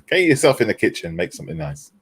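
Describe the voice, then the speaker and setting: A man's voice: on the low side, very animated, fast, slightly rough. A man hosting a casual model-making livestream, chatting, laughing and reading out viewer comments. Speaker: livestream host.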